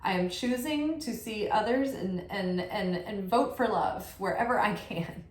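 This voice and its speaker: A woman's voice: mid-range voice, measured pace. Chatty woman giving a tarot reading. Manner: animated, chatty, affirming, frequent "like". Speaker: tarot reader. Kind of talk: casual spiritual tarot reading. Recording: roomy echo.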